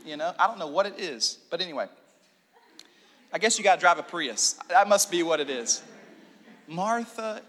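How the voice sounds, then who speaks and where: A man preaching a sermon in a church room, animated, with joking asides and hushed prayer. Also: a little high, a little fast. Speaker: pastor. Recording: long reverb of a hall.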